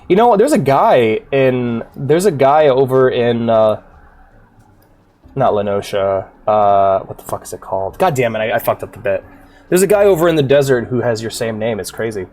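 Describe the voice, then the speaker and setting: A man's voice: mid-range voice, expressive, moderate pace, a little mellow. A man streaming a video game, chatting loosely with viewers, rambling and swearing freely, with faint game music behind. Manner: rambling, profane, chatty with chat. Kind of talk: casual gaming stream chat.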